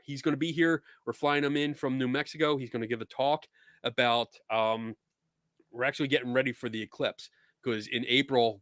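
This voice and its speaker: A middle-aged man with a Philadelphia accent hosting a casual chat, easygoing, laughing often and filling pauses with ums. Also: medium pitch, fairly bright tone, no echo, studio quality. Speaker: podcast host.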